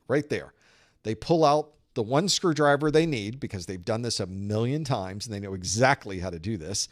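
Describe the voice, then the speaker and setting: A man's voice: mid-range voice, animated, normal speed. A man hosting a live-streamed certification study group, explaining with casual analogies and playful sound-effect narration. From Southern United States.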